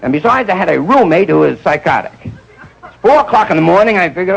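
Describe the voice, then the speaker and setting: A man's voice: sits high, lively intonation, a little fast, creaky, poor audio. A man around forty doing an improvised stand-up monologue, rambling and digressive, with muttered asides. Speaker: stand-up comedian.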